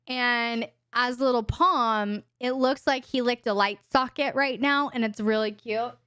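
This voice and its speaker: A woman's voice: fairly high pitch, fairly even intonation, a little slow, sharp tone, clean tone, no room sound, clean studio sound. A woman hosting a live question-and-answer stream from home, talking frankly and casually into a desk microphone. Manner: chatty, frank, talks to her dog in baby talk.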